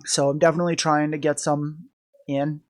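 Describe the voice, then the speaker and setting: A sick, weak man with a slightly high voice speaks at a moderate pace with little pitch movement. Vlogging casually indoors at someone else's house as a streamer, he rambles about being sick, out of breath, sighing and swearing.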